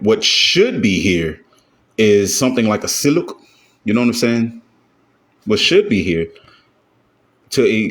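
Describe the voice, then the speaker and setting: Man casually explaining grammar. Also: lowish voice. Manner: talks things through loosely, often asks "you know what I'm saying?". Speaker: self-taught Hebrew grammar teacher.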